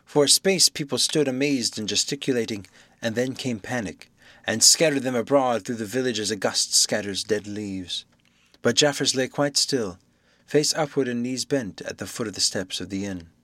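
A man reads a classic novel aloud as steady audiobook narration, his voice sitting at an ordinary middle pitch. The sound is dry and close, with no room around it. He turns lively and loud for shouted lines. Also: moderate pace, dry recording. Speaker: audiobook reader.

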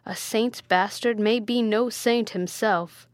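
A woman reading the part of a stern, proud male prince, delivering his lines with forceful declamation. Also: on the high side, steady tone, slow, dry recording.

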